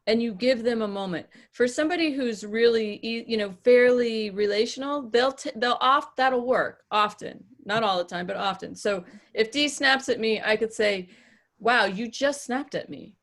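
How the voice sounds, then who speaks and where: A woman's voice: on the high side, normal speed, hardly any pauses. A woman hosting a podcast as a relationship coach, talking to a small group in a direct, matter-of-fact way and acting out examples.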